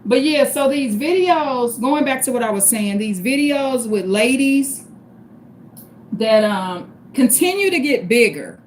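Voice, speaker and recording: A middle-aged woman hosts her own livestream, speaking bluntly and swearing often. Her voice sits somewhat high and she keeps turning to her viewers as y'all. A faint background hiss runs under the recording. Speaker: livestream host. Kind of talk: unscripted livestream talk.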